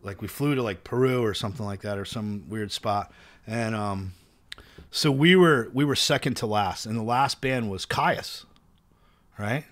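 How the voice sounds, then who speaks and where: A man telling animated, profane tour stories in a casual chat. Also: lowish voice, a little slow. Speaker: guest musician.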